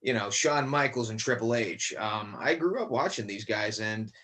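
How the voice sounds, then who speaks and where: A man's voice: fairly low pitch, expressive, moderate pace, fairly bright tone. Rambling man, lots of fillers. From Connecticut. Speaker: podcast guest, actor. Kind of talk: casual chat.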